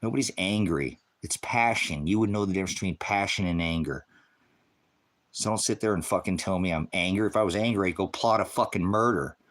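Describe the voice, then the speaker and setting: A man's voice: low-pitched, a little fast, a bit bright. A middle-aged man ranting on a livestream, heated, profane and confrontational, lecturing his viewers and the chat directly. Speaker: livestream host. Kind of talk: livestream rant.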